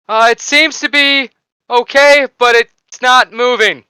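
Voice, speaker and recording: A jittery soldier stammers out a report over the comms, voice pushed well up in pitch, as a game master puts him on. He halts and hesitates between every phrase. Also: fairly even intonation, bright, forceful tone, clear, resonant tone, dry recording, studio quality, exaggerated voice. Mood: anxious. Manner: hesitant, halting. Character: nervous male radio soldier.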